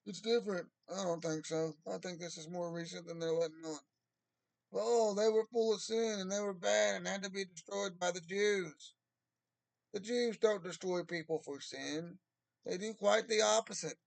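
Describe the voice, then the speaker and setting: Agitated ranting man, gravelly voice. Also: high-pitched, normal speed, no room sound, low-quality recording. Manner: agitated, rambling, bursts into shouting. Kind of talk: heated monologue rant.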